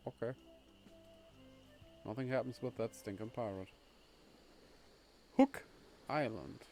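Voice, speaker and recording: A man's voice: mid-range voice, slow, gravelly, darkish tone, faint music behind. A man casually commenting on his game playthrough, chatty and thinking aloud, often amused. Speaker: streamer.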